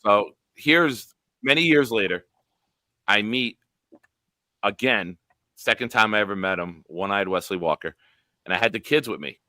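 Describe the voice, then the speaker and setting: A man in his forties, a show host telling a profane, animated sports story with quoted dialogue. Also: on the low side, normal speed, long pauses, no room sound.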